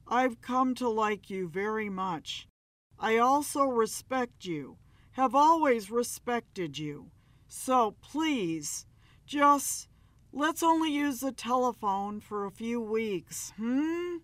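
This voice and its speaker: A woman's voice: on the high side, animated, slow pace, fairly bright tone, no room sound. Woman doing a whiny pleading caller. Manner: whiny, wheedling. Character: whining, pleading caller on the phone.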